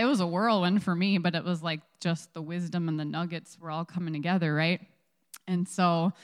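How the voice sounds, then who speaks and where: A woman speaks to an audience about faith in a loose, chatty way, slipping into little acted-out reactions. Her voice sits low and sounds smooth and clean. A long reverb from a big hall trails each phrase. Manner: casual, chatty, many fillers, acts out reactions. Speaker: guest speaker. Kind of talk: faith testimony talk.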